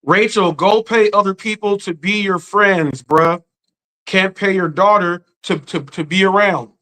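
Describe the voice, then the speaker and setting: High-voiced grieving man, halting speech. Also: pushed and bright, poor audio. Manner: earnest, halting, repeats words. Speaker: live-stream commentary host. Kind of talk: emotional live-stream rant.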